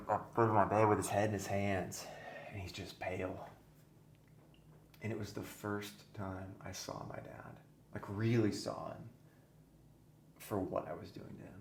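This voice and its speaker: Telling his personal story as a podcast guest, this lowish-voiced man is intense and sincere, his voice at times sinking to a near-whisper. There's an echo and faint background noise.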